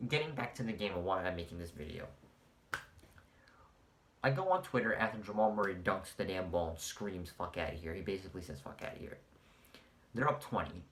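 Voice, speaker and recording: A man's voice: fairly low pitch, a bit bright. Heated ranting man, echoey room. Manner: heated, sarcastic, profane. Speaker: sports commentator. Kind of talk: ranting sports vlog.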